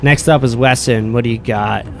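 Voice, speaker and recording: Game master, male, gravelly and laid-back, mid-pitched, music bed behind. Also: steady tone, normal speed. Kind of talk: narrating a tabletop game.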